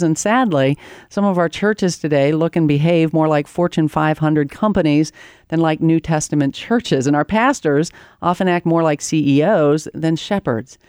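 A woman's voice: sits low, a little mellow, clean tone, no room sound. A woman hosting a talk show and interviewing a guest, with an earnest, emphatic delivery. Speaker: radio show host.

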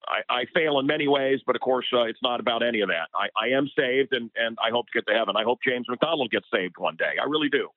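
A man's voice: mid-range voice, animated, fast, hardly any pauses, no echo. A man, a radio personality, talking as a guest in an interview, impassioned and getting worked up as he speaks. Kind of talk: heated interview conversation. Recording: tinny phone line.

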